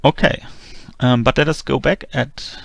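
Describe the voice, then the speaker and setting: A man teaching a chess endgame lesson in a calm, methodical voice-over, walking through the moves one by one. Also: medium pitch, unhurried, creaky, no echo. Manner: methodical, calm move-by-move explanation. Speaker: chess instructor. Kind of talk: explanatory chess lesson narration.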